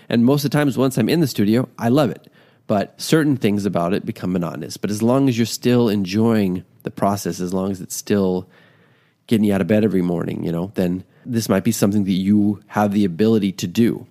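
A man hosting a podcast, talking in a put-on extra-low, quiet voice in a rambling, encouraging way. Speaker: podcast host. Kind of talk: casual talk.

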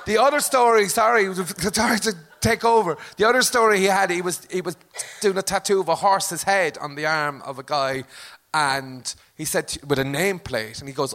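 A man's voice: high-pitched, moderate pace, hardly any pauses. A middle-aged Irish man with a Limerick accent, telling comic anecdotes in casual chat and acting out the voices of people in them. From Ireland. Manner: animated, acts out voices in anecdotes. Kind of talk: casual comedic storytelling.

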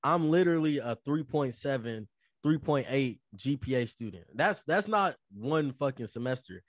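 A man's voice: medium pitch, animated, moderate pace, dry recording. A young college-age man co-hosting a podcast, talking bluntly and emphatically with heavy swearing. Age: young adult. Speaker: podcast co-host. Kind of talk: casual chat.

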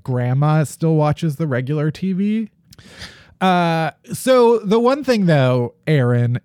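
A man's voice: on the high side, a little mellow, smooth, dry recording, studio quality. A man hosting a podcast in casual chat, joking and playfully dramatic. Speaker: podcast host.

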